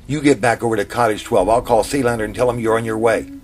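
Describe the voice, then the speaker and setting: A man voicing an angry, bullying male reform school superintendent who yells his orders. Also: fairly low pitch, steady tone, fast, slight background noise, pitched above the performer's own voice, lightly acted. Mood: angry, shouting. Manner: yelling, bullying. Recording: music playing under the voice.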